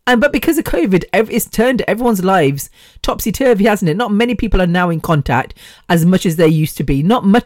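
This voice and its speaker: A woman in her fifties talks on her own podcast in a low, dry voice. She rambles and chats freely, with a swear word here and there. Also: a little mellow, no echo. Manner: chatty and rambling, with swearing and laughs. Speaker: podcast host. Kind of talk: casual solo podcast chat.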